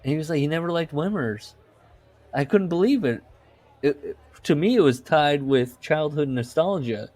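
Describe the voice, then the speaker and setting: A man's voice: on the high side, lively intonation, normal speed, a little mellow. Male podcast co-host, loose rambling anecdotes, frequent laughs, salty language. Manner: rambling storyteller, laughs often, swears. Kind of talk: casual chat.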